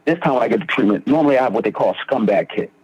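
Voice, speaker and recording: A young man from Philadelphia tells his recovery story as a podcast guest. His voice is husky and mid-pitched, and he acts out the people he quotes. The recording sounds dull and lo-fi. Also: animated, racing. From Philadelphia, Pennsylvania.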